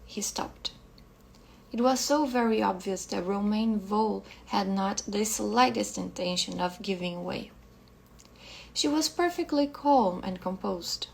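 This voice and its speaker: A woman English teacher reading a short story aloud slowly and carefully, sometimes restarting a phrase. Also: medium pitch, vocal fry, slightly rough, rough recording.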